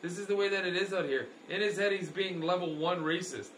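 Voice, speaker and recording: Man from canada, podcast host, brash storytelling, forceful bright voice, slight background noise. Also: sits high, fairly quick, roomy sound. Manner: loud, swearing, storytelling with put-on voices. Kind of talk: casual podcast chat.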